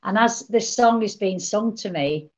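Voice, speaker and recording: A woman's voice: mid-range voice, a little slow. A woman medium giving a psychic reading on a live show, earnestly relaying messages she says she receives.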